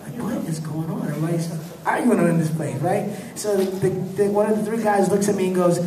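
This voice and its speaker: A man's voice: on the high side, fast talker, hardly any pauses. A man in his thirties telling laid-back, laughing stories about his acting work, acting out the voices of the people in them. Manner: laid-back, laughing often, animated when acting out quotes. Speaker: actor telling stories at a fan convention panel. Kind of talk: casual storytelling. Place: convention hall with an audience. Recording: echoey hall, distant mic, crowd noise.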